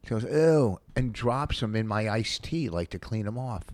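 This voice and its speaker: A man's voice: lowish voice, normal speed, dry recording. A man co-hosting a podcast, telling a rambling story full of curses and indignation. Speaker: podcast co-host. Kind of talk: casual storytelling chat.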